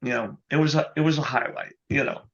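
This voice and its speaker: A man's voice: mid-range voice, quick pace, creaky. Guy musician telling a story on a podcast, mid voice, bit dull lo-fi sound, keeps saying you know. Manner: animated anecdote teller, quotes others, many "you know"s. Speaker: guest musician. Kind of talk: casual storytelling interview.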